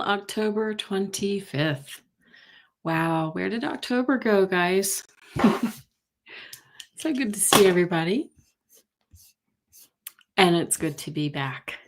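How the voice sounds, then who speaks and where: Slow-talking woman hosting a psychic livestream. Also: lowish voice, animated. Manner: warm greetings to viewers by name, slow and chatty. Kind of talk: casual livestream chat. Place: home in Colorado.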